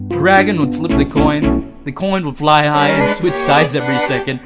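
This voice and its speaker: A man's voice: on the high side, moderate pace, hardly any pauses, over loud music. A man, a voice actor, casually reading a fan story aloud, playful and reacting as he goes. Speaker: voice actor and VTuber.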